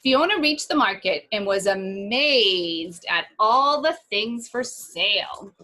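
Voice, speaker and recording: Animated woman reading a storybook aloud. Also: medium pitch. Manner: animated, asides to listeners. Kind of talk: reading a picture book aloud to children.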